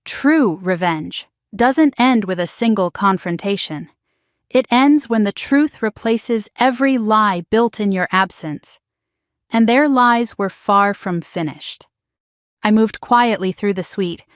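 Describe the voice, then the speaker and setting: A woman narrating a dramatic first-person story in a measured, even delivery. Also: mid-range voice, dry recording, clean studio sound.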